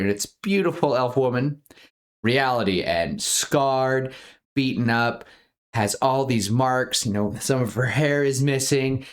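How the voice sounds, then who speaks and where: A woman's voice: very deep voice, unhurried. A woman in her thirties co-hosting a podcast, rambling in casual chat, upbeat and often laughing. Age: 30s. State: out of breath. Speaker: podcast co-host.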